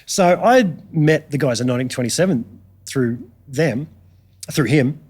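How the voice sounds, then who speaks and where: A man's voice: on the high side, expressive, a little slow, darkish tone, husky. Australian man, guest guitarist, easygoing anecdote-teller, loose and slangy, full of ums. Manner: laid-back, slangy, many ums and restarts. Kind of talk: casual podcast storytelling.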